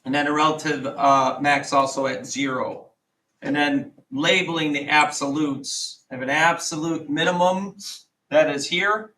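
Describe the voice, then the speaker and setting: A middle-aged man teaching a high school math class, casual and self-correcting, often asking the class questions. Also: bright, forceful tone, a little hiss or hum. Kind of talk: classroom lecture.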